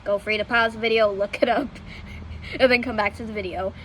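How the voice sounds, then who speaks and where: A woman vlogger with a fairly bright, mid-range voice speaks a little fast and with fairly even intonation, casually and hesitantly telling history, full of fillers and self-corrections and often laughing at herself. It's unscripted storytelling on poor audio with slight background noise.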